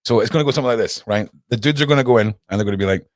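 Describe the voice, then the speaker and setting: A man's voice: medium pitch, rapid-fire, no room sound. A man hosting a livestream, chatting sarcastically and jokily with lots of slang. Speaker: livestream host. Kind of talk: casual commentary.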